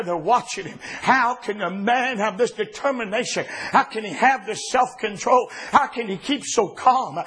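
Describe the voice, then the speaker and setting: A man preaching a sermon in an impassioned style, often rising to shouts and dropping low for quoted words. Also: breathy edge.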